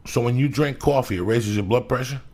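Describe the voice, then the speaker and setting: A male podcast host telling a profane, blunt, animated story. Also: mid-range voice, a little fast.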